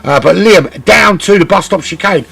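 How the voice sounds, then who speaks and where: Gravelly man commentating a race. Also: high voice, moderate pace, fairly bright tone. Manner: chatty, rambling, self-correcting. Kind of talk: live sim racing commentary.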